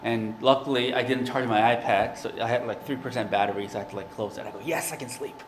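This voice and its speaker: A man's voice: medium pitch, flat delivery, quick pace, echoey room, noisy background. A man preaching a sermon, earnest and conversational, with a prayer and a personal story. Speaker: pastor.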